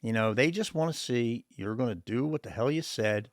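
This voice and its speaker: A man hosting a podcast interview, chatting casually and telling animated stories with acted-out voices. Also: mid-range voice, brisk, no room sound, studio quality. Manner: animated storyteller, acts out voices in anecdotes. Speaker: podcast host.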